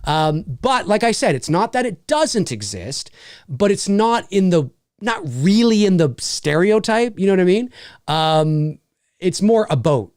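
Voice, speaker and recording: A talkative middle-aged Canadian man hosts a laid-back Q&A, his voice sitting a bit high and swinging lively up and down. He rambles, laughs easily and keeps checking in with "you know what I mean?". The sound is dry and close. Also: a little slow, smooth, no room sound. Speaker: livestream Q&A host. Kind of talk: casual chat answering viewer questions.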